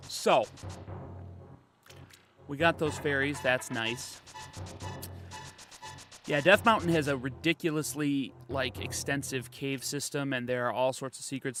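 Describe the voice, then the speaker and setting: A man's voice: mid-range voice, a bit bright. A man streaming a video game, joking casually and talking to his chat as he plays. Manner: chatty, jokey, talking to chat. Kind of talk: casual gameplay commentary.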